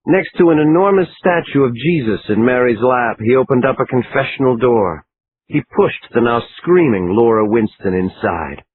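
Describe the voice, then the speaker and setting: A man's voice: medium pitch, normal speed, slightly rough. Man narrating a thriller audiobook. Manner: dramatic, expressive reading. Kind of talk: scripted narration. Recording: lo-fi phone-like line, faint hiss.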